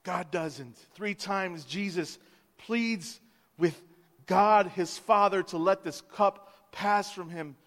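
Male pastor, high-pitched, impassioned sermon delivery, long hall reverb. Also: slow pace. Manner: impassioned, swings from hushed to loud, acts out quotes. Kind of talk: Easter sermon.

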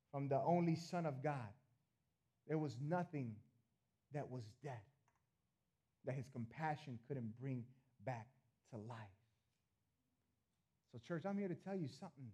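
A middle-aged man preaching a sermon as pastor, earnest, repeating phrases, swinging between loud appeals and soft asides. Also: on the high side, animated, measured pace, long pauses.

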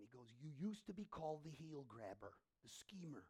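Gravelly, animated male pastor preaching. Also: on the high side, normal speed, hardly any pauses. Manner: animated preaching with sudden swings from hushed to loud. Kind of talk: sermon. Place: church.

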